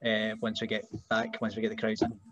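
A man's voice: lowish voice, fairly quick, highs cut off. A man with a Scottish accent, a wrestler guest in a casual chat, telling stories and putting on voices. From Scotland. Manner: animated storyteller, puts on voices.

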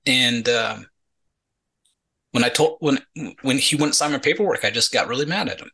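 A middle-aged man with a bright, forward voice tells his army story in a relaxed interview. He slips into the voices of the people in the story and keeps the telling lively. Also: medium pitch, normal speed, vocal fry, long pauses, breathy edge, low-quality recording. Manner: animated storyteller acting out quoted dialogue, many repeated "he's like". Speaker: podcast guest, retired Army sergeant.

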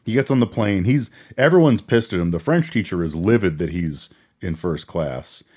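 A man co-hosting a casual movie podcast, rambling through the plot with laughs and quick character impressions. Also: low-pitched, animated, darkish tone. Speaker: podcast co-host. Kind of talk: casual movie recap chat.

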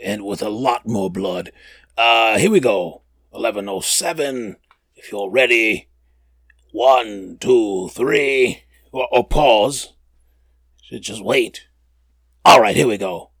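A slangy male podcast host who rambles through casual chat, full of fillers and restarts. His fairly low voice leaps up and down in pitch, with a husky grain, recorded dry and close. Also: a bit bright, no room sound.

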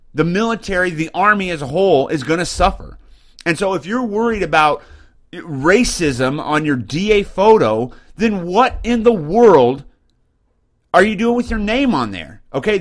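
Brief: fired-up male podcast host, fairly high voice, blunt and mocking, home computer mic. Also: fairly bright tone. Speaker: podcast host, Army sergeant. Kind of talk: opinion podcast rant. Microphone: webcam and computer mic.

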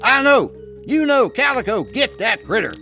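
A man's voice: very high-pitched, sing-song, moderate pace, over music, voice pushed up, heavily acted. A man voicing a frightened old backwoods man who hollers for his dogs. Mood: urgent shouting.

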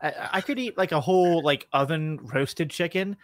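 A man's voice: a little high, moderate pace, no echo. A man guesting on a podcast, chatting casually and rambling, with lots of "like" fillers. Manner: rambling, heavy use of filler "like". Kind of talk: casual chat.

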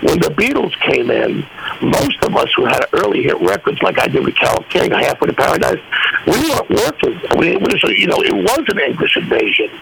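An older man, a guest singer on a radio interview, telling stories in an animated way and acting out the dialogue. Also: sits high, fairly quick, vocal fry, crowd noise, rough recording.

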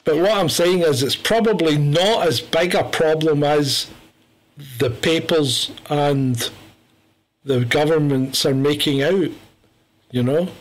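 A man co-hosting a casual political podcast. He argues his point with rhetorical questions, and his voice sits somewhat high for a man. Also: slow, rough recording. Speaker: podcast co-host.

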